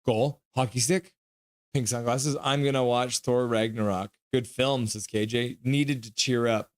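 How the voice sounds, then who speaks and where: A man's voice: medium pitch, fairly even intonation, a little slow. Chatty man reading viewer comments aloud. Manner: chatty and teasing, thanks viewers by name. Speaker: livestream host. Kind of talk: casual live-stream chat, reading viewer comments aloud.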